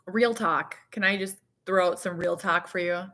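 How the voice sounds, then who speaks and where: A woman in her thirties chats straight to camera about family life in a frank, unfiltered way. Her voice is bright and clear, and she often pokes fun at herself, with plenty of fillers along the way. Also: on the low side, moderate pace. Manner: frank, chatty and self-mocking, with laughs and fillers. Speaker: mother and vlogger. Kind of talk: casual candid chat to camera.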